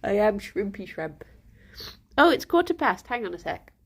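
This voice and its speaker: A woman's voice: medium pitch, sing-song, moderate pace, vocal fry, slightly rough. A young woman chatting casually with her stream viewers, rambling and giggly, sounding a little bunged up. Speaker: livestream host.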